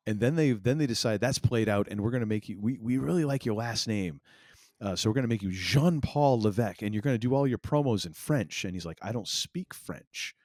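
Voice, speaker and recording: A man's voice: fairly low pitch, animated, quick pace, darkish tone, dry recording, clean studio sound. A man from Maine co-hosting a wrestling podcast, talking in a loose, rambling way with many fillers and restarts. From Maine, USA. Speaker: podcast co-host. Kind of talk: casual chat.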